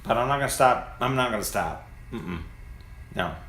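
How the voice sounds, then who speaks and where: A man's voice: mid-range voice, animated, normal speed, fairly bright tone, reverberant. A man delivering an angry, profane, preachy monologue, recorded on a phone among parked cars. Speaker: vlogger. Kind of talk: ranting monologue.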